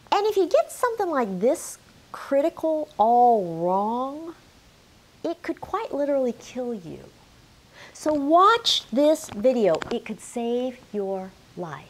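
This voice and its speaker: A middle-aged woman gives a health lesson to camera, leaning hard on key words as she quizzes her viewers. She talks slowly, and her pitch swings widely up and down. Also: a little mellow. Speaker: menopause health educator.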